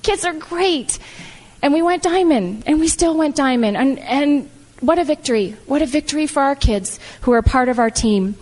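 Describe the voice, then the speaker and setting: A middle-aged woman with a high, bright voice delivers a heartfelt motivational speech, piling up emphatic declarations. Her voice rings out with the long reverb of a big hall. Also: moderate pace. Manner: heartfelt, animated, repetitive "I love" phrasing. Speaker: speaker at a business event.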